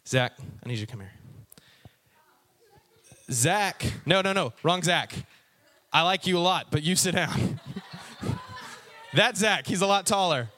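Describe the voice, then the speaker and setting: A man preaching to a live crowd, full of jokes and asides. His voice sits a little high and swings up and down with lively expression. He talks right at the people in front of him. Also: slow, pauses often. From Texas. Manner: animated and playful, talks straight to the crowd. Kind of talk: joking sermon to a live audience.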